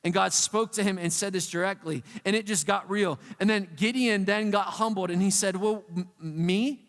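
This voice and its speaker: A youth pastor preaches in a casual, slangy, animated way. His voice sits high for a man and carries long hall reverb. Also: brisk. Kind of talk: sermon.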